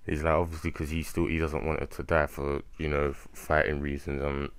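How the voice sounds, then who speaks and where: A man's voice: extremely low pitch, flat delivery, brisk, clean tone, dry recording. A young man giving a casual spoken review of a manga chapter, rambling with lots of fillers and self-corrections.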